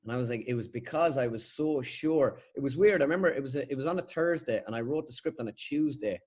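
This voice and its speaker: An Irish man talks quickly and casually as a podcast guest, in a mid-range voice. He tells stories briskly, slipping into other people's lines as he goes. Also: medium pitch, darkish tone, slightly rough. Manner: rapid, storytelling, acts out quotes. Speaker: guest, comedian and impressionist.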